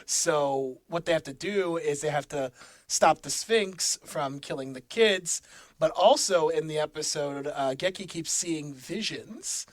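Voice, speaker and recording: A man's voice: fairly high pitch, measured pace, dry recording. A man co-hosting a casual podcast, recapping episodes with frequent laughs and fillers. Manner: laughs often, fillers and restarts while recapping plot. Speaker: podcast co-host.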